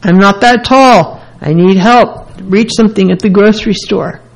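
A woman's voice: mid-range voice, normal speed, low-quality recording. Earnest woman radio host. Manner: earnest, candid, speaks in short repeated phrases. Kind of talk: self-help radio talk.

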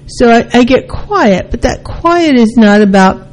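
A woman's voice: fairly high pitch, expressive, unhurried, low-quality recording. Middle-aged woman counselor talking to camera, explains things, acts out little quoted bits. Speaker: counselor and show host. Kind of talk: talk show monologue.

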